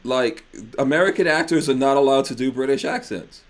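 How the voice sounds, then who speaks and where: A man's voice: mid-range voice, a little fast. A man hosting a podcast in casual chat, joking and teasing his guest and laughing often. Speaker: podcast host.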